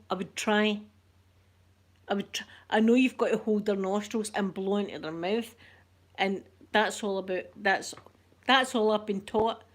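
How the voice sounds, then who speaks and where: A middle-aged Scottish woman hosting a soft-spoken ASMR vlog, chatty and rambling, with local words like wee and yous. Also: mid-range voice. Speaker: ASMR channel host.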